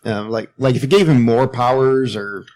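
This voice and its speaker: A man's voice: mid-range voice, normal speed, darkish tone. A man co-hosting a movie podcast, recounting scenes with dry, unimpressed humor. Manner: dry, unenthused storytelling. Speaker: podcast co-host. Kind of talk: casual movie chat.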